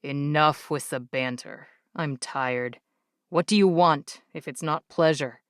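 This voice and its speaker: A woman voicing a sardonic, teasing adult male emperor in an audiobook, speaking in a wry, languid, slow drawl. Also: low voice, dry recording, clean studio sound, voice pushed down.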